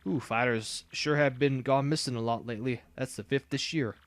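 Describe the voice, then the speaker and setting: Brief: folksy Southern-drawl promoter, slow and down-home, read by a man. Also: medium pitch, steady tone, natural voice. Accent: put-on American Southern drawl. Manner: slow, drawn-out country talk. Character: folksy drawling male fight-club promoter. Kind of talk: reading game dialogue aloud.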